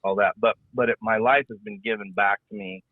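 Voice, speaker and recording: Speaking fairly quickly in a gravelly, sing-song, medium-pitched voice, a middle-aged man chats on a casual podcast. A former rodeo rider and announcer, he rambles in a folksy manner and often repeats his words; there's no room sound, and the line is tinny and phone-like.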